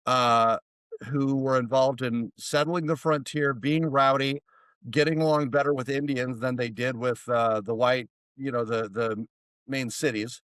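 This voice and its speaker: An American man, a therapist, telling a story as a podcast guest in a rambling, animated way. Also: mid-range voice, a little slow, no room sound. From United States. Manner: rambling, animated, many restarts. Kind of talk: casual storytelling.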